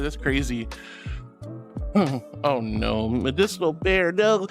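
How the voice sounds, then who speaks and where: A woman's voice: deep voice, very animated, takes it slowly, faint music behind. A woman streaming as a VTuber, reading chat aloud with a playful, affectionate manner and frequent laughs. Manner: affectionate, calls viewers darling.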